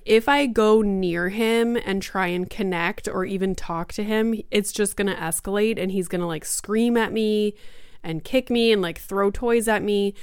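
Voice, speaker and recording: Chatty woman podcast host, smooth voice. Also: mid-range voice, no echo, studio quality. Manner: chatty, many "like"s, acts out quoted exchanges. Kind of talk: casual solo storytelling.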